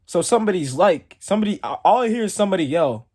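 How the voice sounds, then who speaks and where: A man's voice: high voice, lively intonation, fast talker, a little mellow. A young man telling a story casually to camera, rambling and saying "like" often. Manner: rambling, heavy use of "like". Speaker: storytime vlogger.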